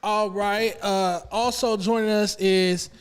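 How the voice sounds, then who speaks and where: Casual high-voiced host from LA, loud and jokey. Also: male voice, steady tone, slow, long reverb tail, background noise. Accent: Los Angeles. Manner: loud, hype, joking host. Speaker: podcast host. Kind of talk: casual podcast banter.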